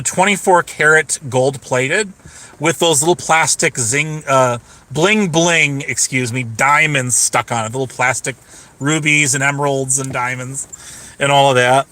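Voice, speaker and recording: A man's voice: fairly high pitch, sharp tone. A man hosting a livestream, rambling sarcastically to his chat and laughing often. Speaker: livestream host. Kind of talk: casual rambling livestream talk.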